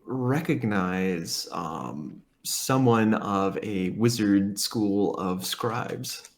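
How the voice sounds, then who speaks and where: Slow-talking guy at a tabletop game, halting but bouncy pitch. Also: lively intonation. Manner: hesitant, halting. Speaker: player.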